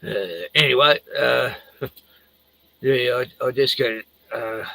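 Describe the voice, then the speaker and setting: A man's voice: mid-range voice, steady tone, takes it slowly, creaky, pushed and bright, no echo, low-quality recording. An older man hosting a livestream, rambling casually, laughing often and swearing freely. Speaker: livestream host. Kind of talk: casual chat.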